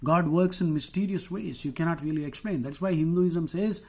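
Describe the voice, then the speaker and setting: A man's voice: fairly high pitch, fairly even intonation, fairly quick. A man with an Indian accent teaching vocabulary in a casual, chatty way, wandering into asides and using frequent "uh" fillers. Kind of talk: casual explanatory lesson.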